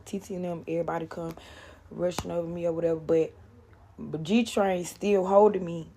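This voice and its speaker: Gravelly-voiced woman telling a rambling story. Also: on the low side, steady tone, a little fast, dark tone, slight background noise. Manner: rambling, profane, acts out quotes in raised voices. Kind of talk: casual storytime.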